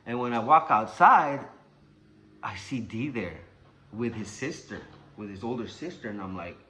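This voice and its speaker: A young man casually telling a personal story, animated and profane, acting out what people said. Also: medium pitch, a little slow, slight background noise, rough recording. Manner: animated, profane, acts out quotes.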